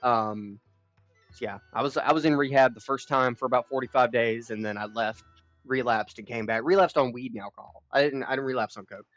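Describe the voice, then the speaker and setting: A man's voice: mid-range voice, a little fast, a bit bright, no room sound, soft background music. A young man live streaming, telling a long personal story in a rambling, profane, frank way. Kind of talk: casual storytelling chat. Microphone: streaming mic. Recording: dull lo-fi stream audio.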